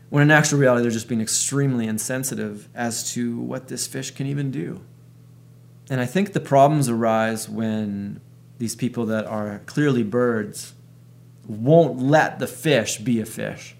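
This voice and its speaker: A man's voice: mid-range voice, creaky. A man in his thirties thinking aloud in a reflective monologue, working through an analogy as he goes. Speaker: video host.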